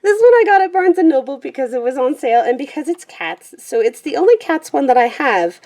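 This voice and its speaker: A woman's voice: high voice, expressive, fairly quick, few pauses, a little mellow. A young woman chatting casually through her collection, slightly out of breath, often correcting herself and laughing. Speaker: vlogger. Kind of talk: casual rambling chat.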